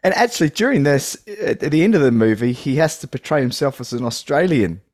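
A man hosting a casual podcast chat, his pitch bouncing in a lively way as he laughs and restarts his sentences. The sound is dry and close. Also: a little fast, no room sound. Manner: chatty, laughs often, restarts. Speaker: podcast host.

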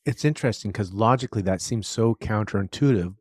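Middle-aged male podcast host, lowish pitch, dry recording, anecdotal and relaxed. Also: quick pace, no room sound. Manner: chatty, storytelling, laughs often. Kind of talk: conversational interview.

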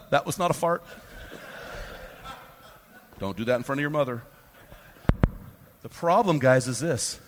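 A man preaching a fiery sermon to a room of men, swinging from hushed lows to loud, fired-up peaks. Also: measured pace, long pauses, slight background noise. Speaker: pastor. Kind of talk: sermon to a men's gathering. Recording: long hall reverb.

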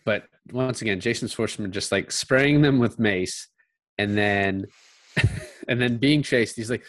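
A man co-hosting a casual podcast, relaxed and given to laughing as he talks about a film. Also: mid-range voice, a little slow, no echo. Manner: relaxed, laughs often, quotes film lines in passing. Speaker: podcast co-host.

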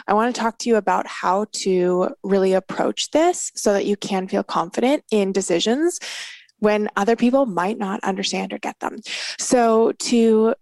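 A woman's voice: mid-range voice, moderate pace, creaky, no room sound. A woman in her thirties giving a candid, earnest motivational talk as a business coach. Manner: candid and earnest, with bursts of laughter and animated quoted reactions.

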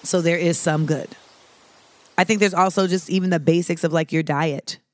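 A woman's voice: lowish voice, fairly even intonation, normal speed, darkish tone, no room sound. A woman hosting a podcast, answering listener questions in a candid, profane, rambling way that is full of "like" fillers. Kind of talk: casual advice talk.

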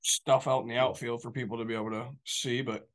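A man's voice: medium pitch, little pitch movement, fast. A man co-hosting a podcast, chatting casually in loose, meandering sentences full of fillers. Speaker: podcast co-host. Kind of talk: casual chat.

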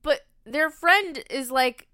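Bright-voiced young woman cohost, kinda high, rambly and emphatic, swears, dry sound. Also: lively intonation, slow pace, no room sound. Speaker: podcast co-host. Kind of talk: casual chat.

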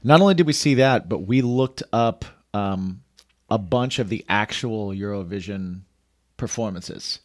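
A man co-hosting a podcast, chatting in a relaxed way and chuckling now and then. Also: fairly low pitch, a little slow. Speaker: podcast co-host. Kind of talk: casual chat.

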